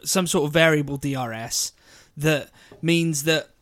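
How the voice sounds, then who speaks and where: A man's voice: fairly high pitch, unhurried, a bit bright. A man co-hosting a casual car podcast among friends, talking in a rambling way and repeating words as he goes. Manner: rambling, repeats words while searching for them. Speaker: podcast co-host. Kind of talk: casual chat.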